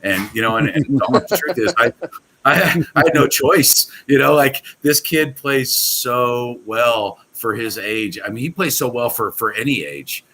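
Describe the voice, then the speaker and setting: A man's voice: mid-range voice, lively intonation, a little slow, bright, forceful tone, slight background noise, rough recording. A man talking as a guest on a casual podcast, rambling and enthusiastic with many restarts. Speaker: guest, pool products company owner.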